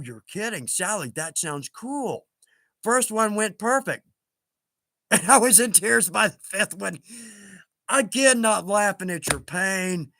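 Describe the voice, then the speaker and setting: A man's voice: high voice, sharp tone, dry recording, clean studio sound. A man hosting a casual livestream, reading out viewer comments in a chatty, self-deprecating way and laughing often.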